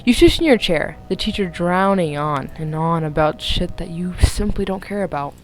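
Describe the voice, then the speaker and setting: A woman's voice: on the low side, animated, moderate pace, low-quality recording. A young woman casually reading fan fiction aloud into her phone, giggling, rambling and breaking off to comment on the text. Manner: giggly, rambling, keeps interrupting herself. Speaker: vlogger.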